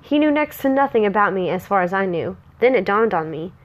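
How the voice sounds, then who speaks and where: A woman's voice: medium pitch, animated, brisk, highs cut off. Woman reading a fantasy story aloud. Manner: casual, breaks off to laugh and chat. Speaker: story reader.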